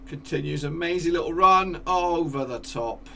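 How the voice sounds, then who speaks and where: A man giving excitable live commentary over a football management game, cheering at goals and talking to his players. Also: on the high side, moderate pace, gravelly, distant mic, a little hiss or hum. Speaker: gaming YouTuber.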